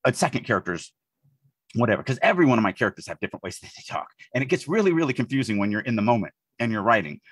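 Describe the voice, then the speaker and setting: A man from the Deep South speaks in a husky voice. He co-hosts a casual podcast, thinking aloud with frequent restarts. The recording is dry, with no room sound. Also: very animated, racing, fairly bright tone, no room sound. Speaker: podcast co-host, writing editor.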